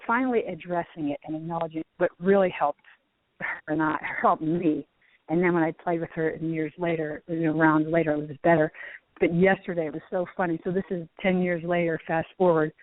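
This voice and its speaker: A woman's voice: fairly low pitch, a little fast, no room sound. A middle-aged woman, once a tour golfer and now a teacher, talks over a tinny, dry phone line. She tells her stories with lots of energy and breaks into laughter often. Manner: lively, laughing while telling stories. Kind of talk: phone interview storytelling. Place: outdoors at a driving range.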